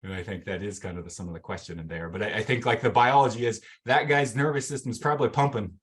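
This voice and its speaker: This mental fitness coach's voice is on the low side and he talks quickly, running a workshop on a video call. He's casual, uses many fillers, and acts out inner voices.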